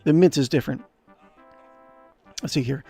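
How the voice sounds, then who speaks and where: A man's voice: a little high, normal speed, gravelly, mellow, slightly rough, no room sound, faint music behind. A man streaming a text adventure game, reading the game text aloud and chatting in a rambling way. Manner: rambling, chatty, many fillers and restarts.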